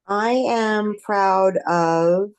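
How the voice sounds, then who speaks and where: A woman's voice: mid-range voice, extremely slow, smooth. A woman, a mother, sharing hesitantly with nervous laughs on a group video call.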